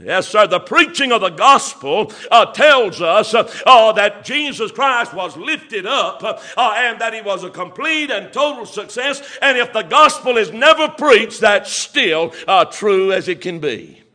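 A preacher man delivers his sermon in a high, bright, forceful voice. He drags his phrases with frequent "uh" pauses, then pushes up into emphatic bursts. His delivery is earnest and old-fashioned. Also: lively intonation. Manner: preaching with rising, emphatic bursts and many "uh" fillers.

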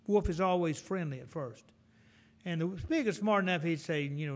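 A man's voice: fairly high pitch, a little fast. Folksy man preaching a sermon. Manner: animated storytelling, folksy asides.

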